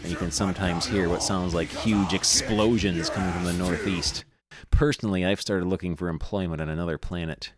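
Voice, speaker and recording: A man's voice: sits low, steady tone, fairly quick, slightly rough, pitched below the performer's own voice. Man reading as a fretting, polite alien hotel host. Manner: worried, polite, flustered.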